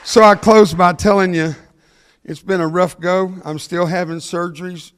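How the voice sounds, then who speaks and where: An older man, giving a motivational speech that mixes jokes with storytelling and talks fast. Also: high-pitched, long reverb tail, a little hiss or hum. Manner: energetic, joking, fast-talking. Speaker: motivational speaker. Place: large hall before an audience.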